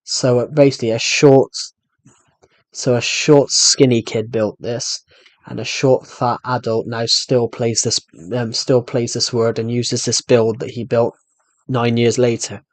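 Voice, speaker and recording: This young adult from Britain has a medium-pitched voice, delivered flatly at a measured pace with no room sound. Streaming from a room at home, he offers loose, meandering gameplay commentary, responding to chat, putting himself down, and frequently starting over.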